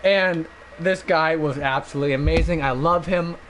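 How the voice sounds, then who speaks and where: A drunk man streaming a game over a headset, telling a long, loud, profane story in a rambling way. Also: fairly high pitch, normal speed, a little hiss or hum. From Oregon, United States. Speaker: streamer and gamer. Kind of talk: casual rambling storytelling while gaming.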